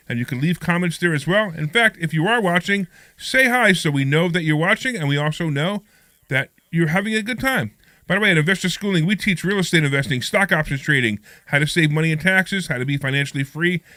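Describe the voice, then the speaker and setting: Fast, bright-voiced male radio host. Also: on the high side, no echo. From United States. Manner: energetic, chatty, promotional. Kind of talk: casual live radio talk. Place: radio studio.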